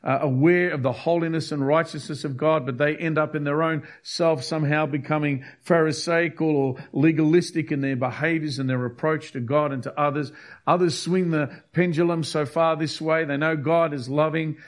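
A man's voice: on the high side, fairly even intonation, moderate pace. A man preaching a sermon, emphatic and repetitive, hammering key phrases. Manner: emphatic, repeats key phrases, acts out quotes.

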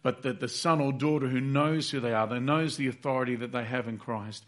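A man's voice: mid-range voice, a little fast, a bit bright. A man preaching a sermon, earnest and repetitive, acting out heartfelt prayers aloud.

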